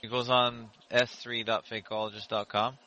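A man's voice: medium pitch, level tone, normal speed, highs cut off, crowd noise. A man hosting a casual live-stream chat, dry and teasing. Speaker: host. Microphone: online audio chat.

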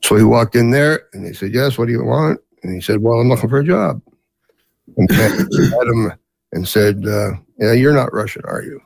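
A man's voice: medium pitch, moderate pace, creaky, darkish tone, slightly rough, no room sound. A man in his seventies who grew up in Canada, telling family stories as an interview guest in a rambling way with many fillers. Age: 70s. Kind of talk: storytelling in a casual interview.

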